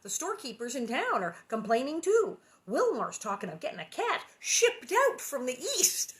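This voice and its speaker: A worn-out frontier father grumbles and slips in dry puns, as a woman reads him from a storybook. The voice is bright and animated. It carries a little louder than her narration. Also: high-pitched, moderate pace, slight background noise, heavily acted. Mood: grumbling. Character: tired frontier farmer father, joking. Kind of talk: storybook reading.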